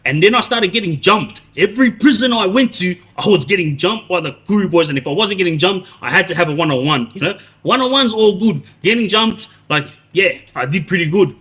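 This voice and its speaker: This is a husky-voiced man in his forties, chatting casually to viewers on a live stream. He tells his story in loose, rambling bursts, restarts his sentences and tacks "yeah?" onto them. His voice sits a little high for a man. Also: animated, fairly quick, hardly any pauses, a bit bright. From Australia. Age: 40s. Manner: rambling, many restarts and tag questions like "yeah?". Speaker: livestreamer telling prison stories.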